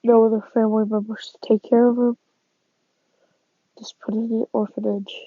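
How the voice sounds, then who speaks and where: A woman casually narrating a fan story, halting, with sighs and restarts. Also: on the high side, little pitch movement, dry recording. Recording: dull lo-fi sound.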